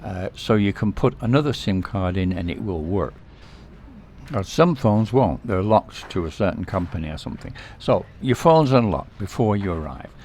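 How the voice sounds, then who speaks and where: A man with a lowish voice talks casually to the camera as a vlog host, handing out advice. He is relaxed and repeats points, and he keeps tagging his sentences with a quick "okay?". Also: slight background noise.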